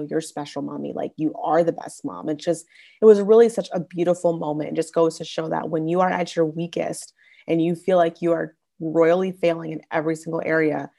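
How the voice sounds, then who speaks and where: Low-pitched woman, casual podcast talk, earnest parenting stories, restarts often. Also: gravelly. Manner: earnest, warm-hearted storytelling with many restarts. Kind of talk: casual chat.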